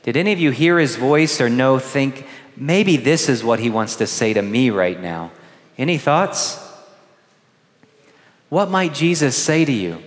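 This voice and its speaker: Slow-speaking priest in a reverberant church. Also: male voice, medium pitch, expressive. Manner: slow, gentle, questioning the children. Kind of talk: homily to children. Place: large church.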